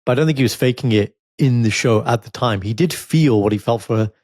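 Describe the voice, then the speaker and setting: Man, casual podcast chat, animated, dry room sound, mid pitch. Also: fast talker, dry recording. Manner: animated, laughs while telling stories. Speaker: podcast co-host.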